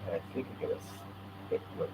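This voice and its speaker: A man chatting casually while he works on a craft, rambling and counting quietly under his breath. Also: fast talker, highs cut off. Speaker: vlogger crafting on camera. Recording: echoey room with clear background noise.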